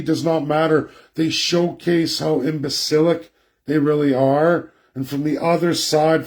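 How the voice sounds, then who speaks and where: A man's voice: medium pitch, dark tone. A man giving a slide presentation, blunt and combative, often repeating his points for emphasis.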